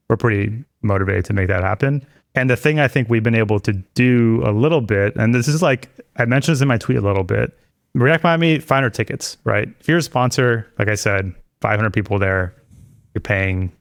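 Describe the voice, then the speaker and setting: A man's voice: lowish voice, gravelly, dry recording, clean studio sound. A man talking as a podcast guest in casual chat, rambling with many restarts and fillers.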